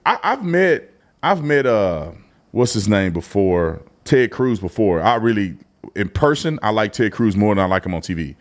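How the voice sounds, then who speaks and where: A man hosting a casual reaction commentary, slangy and animated, breaking into mocking impressions. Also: on the low side, moderate pace. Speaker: commentary channel host.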